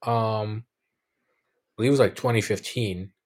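A man hosting a podcast, asking questions in casual interview chat in a hesitant, halting way. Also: fairly low pitch, fairly even intonation. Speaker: podcast host.

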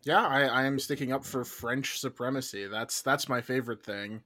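A man's voice: mid-range voice, moderate pace, bright, forceful tone. A man hosting a casual comics podcast with friends, playful and mock-grandiose. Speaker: podcast host. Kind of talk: casual comedic podcast chat.

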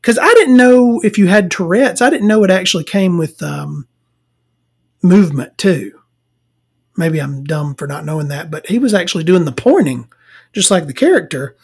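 A woman's voice: lowish voice, expressive, normal speed, darkish tone, breathy edge. A woman, telling blunt, profane work stories to camera in a casual rant. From Southern United States. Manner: profane, blunt, laughing storyteller. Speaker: vlogger.

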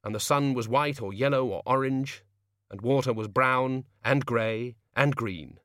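A man reading a fantasy novel aloud as narrator, in measured, even storytelling. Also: medium pitch, no room sound, studio quality. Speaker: audiobook narrator. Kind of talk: scripted narration.

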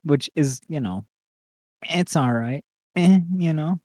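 A man's voice: fairly high pitch, takes it slowly, a little mellow, no echo. A young man co-hosting a podcast in casual, profane chat while eating. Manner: profane, laid-back, eating while talking. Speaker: podcast co-host.

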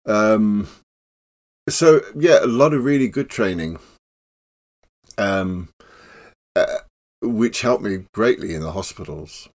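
An older man, a professional clown telling stories in a relaxed interview. He laughs often and acts out the voices in his tales. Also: fairly low pitch, slow pace, long pauses. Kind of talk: casual storytelling interview.

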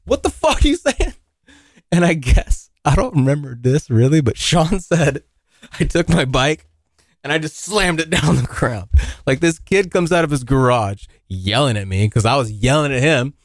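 A young man from Washington State hosts his own podcast, telling a rambling, profane story in a casual solo chat and getting animated when acting out scenes. He speaks at a moderate pace and medium pitch, with studio-quality sound and no room echo.

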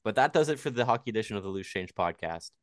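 Smooth low-voiced young man teasing. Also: animated, rapid-fire, no room sound. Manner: dry teasing quips, swears. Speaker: podcast co-host. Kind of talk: casual chat.

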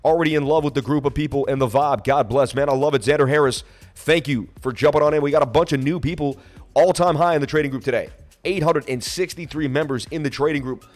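A man's voice: fairly high pitch, quick pace, faint music behind. A man hosting a crypto livestream, chatting casually and emotionally while reading viewer comments and begging for likes. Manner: rambling, emotional, pleading for likes. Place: traveling, streaming from Miami.

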